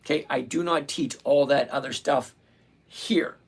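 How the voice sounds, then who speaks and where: Middle-aged male livestream trading host, blunt and plain-spoken, gravelly tone. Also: mid-range voice. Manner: blunt, repeats points slowly. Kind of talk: live-streamed trading lesson answering chat.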